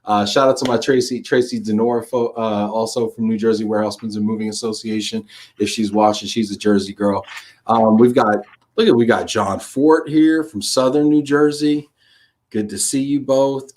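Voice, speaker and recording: A man's voice: medium pitch, darkish tone. A man hosting a live-streamed talk show, chatting casually and energetically on a video call, tossing in slang like "buddy" and "man".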